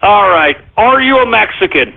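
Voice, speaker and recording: A man hosting a shock-jock call-in radio show, talking in a loud, mocking, rambling way. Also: high voice, animated, normal speed, gravelly. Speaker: radio talk show host. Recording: lo-fi phone-like radio sound.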